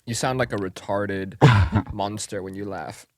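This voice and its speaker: A man's voice: lowish voice, a little slow, darkish tone, no room sound. A man hosting a comedy podcast, teasing his co-host in a goofy, sing-song way.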